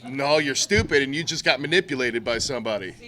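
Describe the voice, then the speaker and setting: A man's voice: medium pitch, quick pace, crowd noise. A middle-aged man giving a blunt, profane talk to a recovery group, using street slang and acting out quotes. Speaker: recovery speaker.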